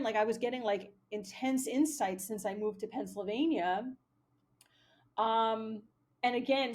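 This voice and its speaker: A spiritual vlogger from Pennsylvania rambles casually through a monologue, swearing often and leaning heavily on fillers like "like" and "um." Her voice is fairly high and a little mellow.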